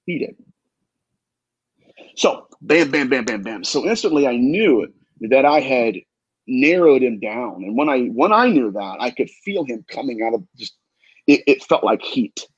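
A man, a demonologist guest, tells an earnest, emphatic story in a husky voice and often repeats himself. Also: medium pitch, sing-song, normal speed, no room sound, dull audio. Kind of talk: animated storytelling.

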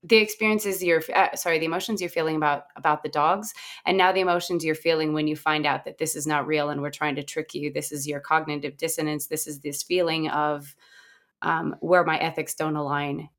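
Low-voiced earnest woman, rambling. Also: steady tone, brisk, fairly bright tone. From USA. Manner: earnest, rambling with frequent restarts and fillers. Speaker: guest, founder of a satirical website. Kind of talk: casual interview conversation.

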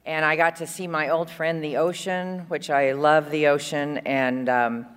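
A woman's voice: deep voice, fairly even intonation, measured pace, smooth, long reverb tail. A woman speaking at a women's conference, chatty and rambling, full of fillers and fond asides. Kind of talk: recovery share at a conference. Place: conference hall.

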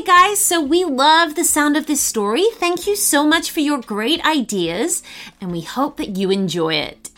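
A woman hosting a children's story show, reading aloud in an animated, expressive storybook manner. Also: high voice.

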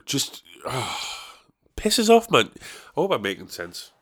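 Over music, a podcast host from North East England rambles through his own show in a loose, sweary, meandering way, drifting onto tangents. He speaks slowly in a lowish voice with huge swings in pitch.

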